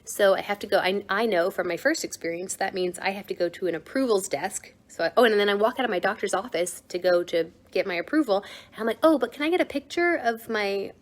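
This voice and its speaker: A young American woman vlogging, retelling events in a chatty, animated way with lots of "like" fillers. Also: mid-range voice, fast, hardly any pauses. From United States. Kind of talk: casual storytelling.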